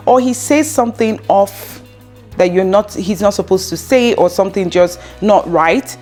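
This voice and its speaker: A woman's voice: medium pitch, animated, moderate pace, darkish tone, faint music behind. A woman in her thirties giving casual relationship advice, chatty and full of fillers, acting out bits of dialogue. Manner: chatty, acts out quoted dialogue, frequent fillers and laughs. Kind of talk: casual advice monologue to camera.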